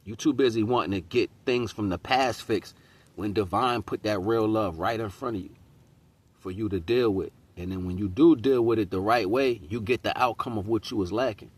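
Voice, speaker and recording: Man, middle-aged, slightly low voice; loose preachy monologue, slangy. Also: normal speed, slightly rough. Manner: preachy, street slang, repeats "you know what I'm saying". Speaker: host. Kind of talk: casual spiritual monologue.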